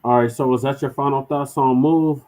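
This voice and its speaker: A man hosting a podcast in casual chat, unhurried and repeating himself as he goes. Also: mid-range voice, fairly even intonation, darkish tone. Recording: slightly dull, muffled sound.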